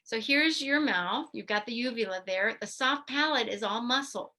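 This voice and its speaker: A woman physical therapist giving an instructional talk, lively and demonstrating goofy mouth sounds as she teaches. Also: fairly high pitch, moderate pace. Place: video presentation to a study club.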